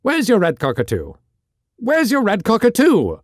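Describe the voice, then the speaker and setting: A man reading an audiobook, voicing an eccentric gentleman who blurts out sudden odd questions. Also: fairly low pitch, wildly swooping pitch, a little slow, no echo, studio quality. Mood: whimsical. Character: whimsical eccentric Englishman, abrupt and odd.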